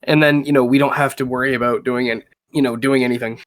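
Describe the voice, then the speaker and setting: A man's voice: mid-range voice, steady tone, fast talker. A man playing a tabletop game, speaking bluntly and plainly about plans. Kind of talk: casual gaming banter.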